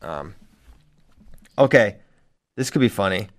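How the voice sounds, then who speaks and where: A man who coaches high school wrestling, telling stories in casual podcast chat and laughing often. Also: slow. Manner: animated storyteller, laughs often.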